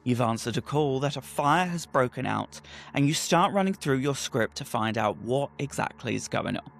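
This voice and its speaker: A man's voice: medium pitch, expressive, normal speed, creaky. A man co-hosting a podcast, switching between a scripted dramatic intro and chatty, stumbling banter. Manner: chatty, stumbles over words. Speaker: podcast co-host. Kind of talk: casual chat and scripted narration.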